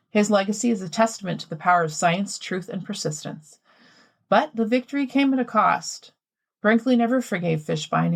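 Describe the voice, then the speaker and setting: A woman with a low-pitched, gravelly voice tells a prepared history story on a podcast. She breaks from the script with casual asides, then slips into easy chat with her co-host.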